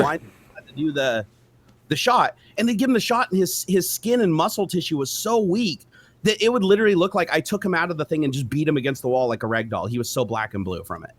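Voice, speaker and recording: Blunt, quick-talking man. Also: a little high, slight background noise. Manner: blunt and profane. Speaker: co-host. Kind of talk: casual livestream chat.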